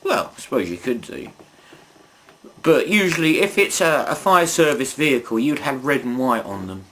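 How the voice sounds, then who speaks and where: A man's voice: medium pitch, very animated, moderate pace, bright, forceful tone, a little hiss or hum. A man reviewing toys in a casual video, rambling and chatty, full of asides and self-mocking jokes. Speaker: toy reviewer.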